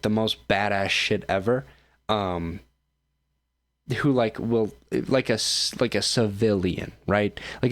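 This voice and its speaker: A man's voice: mid-range voice, clear, resonant tone, no echo. A man hosting his own show, ranting profanely and rambling through reaction commentary with lots of fillers. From United States. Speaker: streamer and show host.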